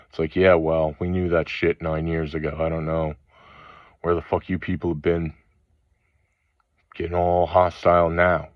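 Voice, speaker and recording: A man with a low, heavy voice rants through a rambling spiritual monologue, swearing angrily and stopping between phrases. The recording is dull and lo-fi, with no room sound. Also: flat delivery, no echo. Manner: angry, profane ranting with halting pauses. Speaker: channel host.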